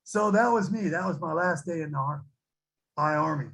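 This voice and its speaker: A man's voice: a little high, moderate pace, fairly bright tone, poor audio. An older man sharing his recovery story with a support group, rambling and laughing as he acts out the people in it. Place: online recovery meeting.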